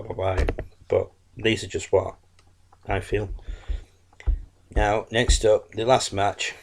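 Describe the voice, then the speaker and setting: A man's voice: low-pitched, creaky. A man giving a casual, blunt, rambling wrestling review, full of fillers and self-corrections. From England.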